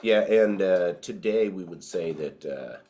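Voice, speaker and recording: In a home podcast setup indoors, a male co-host chats casually over cigars and whiskey, laid-back, profane and full of fillers. His voice is low and mellow, animated but a little slow.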